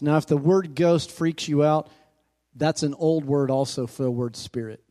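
A man preaching in a church sanctuary, pausing to ask for amens and put questions to the congregation. His voice sits somewhat high for a man, and he leans into its quieter low moments. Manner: call-and-response preaching, asks for amens. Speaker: pastor. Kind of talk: sermon.

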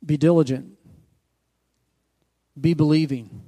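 A man's voice: fairly high pitch, fairly even intonation, slow, warm tone. A male pastor preaching a sermon, calling out questions to his congregation as he retells scripture. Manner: preaching with rising emphasis and call-outs to the congregation.

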